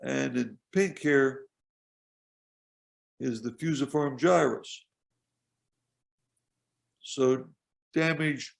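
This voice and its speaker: Gravelly-voiced man giving a measured lecture. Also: medium pitch, a little mellow. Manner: measured, explanatory, pauses while pointing at slides. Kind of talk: slide-based lecture. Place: home, video call. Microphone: video call.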